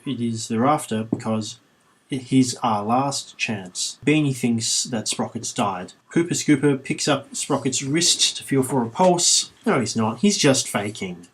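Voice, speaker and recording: A man's voice: mid-range voice, breathy edge. A man reading a children's book aloud with sarcastic, irreverent commentary, swearing freely. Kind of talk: comedic audiobook reading with commentary.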